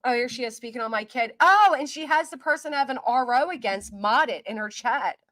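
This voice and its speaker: This is a woman hosting a casual livestream chat. She talks in an indignant, ranting way. Her voice sits a little high, and the sound is dry and close. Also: expressive, brisk, fairly bright tone, no echo. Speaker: livestream host.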